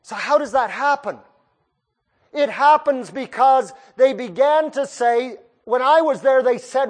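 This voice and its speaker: A man's voice: extremely high pitch, a little slow. A male preacher delivering a sermon, putting pointed questions straight to his listeners. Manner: questions the listeners directly, emphatic.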